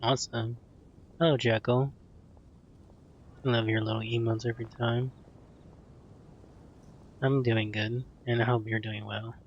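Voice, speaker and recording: Slow relaxed man on a dull mic. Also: medium pitch, slight background noise. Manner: relaxed, laughs along. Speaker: gaming channel host. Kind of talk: casual let's play commentary. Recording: dull lo-fi mic with game music.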